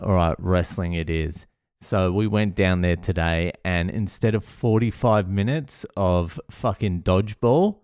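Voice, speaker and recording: A man's voice: sits low, a little mellow, no echo, studio quality. A man telling a story to camera in a blunt, sweary way, getting worked up as he talks. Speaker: vlogger.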